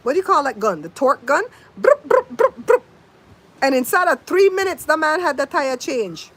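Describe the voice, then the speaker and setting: A woman's voice: high-pitched, sing-song, fairly quick, fairly bright tone. An older woman, a grandmother, hosting a casual livestream outdoors, telling stories and mimicking sounds as she chats to viewers by name. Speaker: livestream host. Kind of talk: casual livestream chat and storytelling. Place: outdoors in wind. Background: faint wind noise.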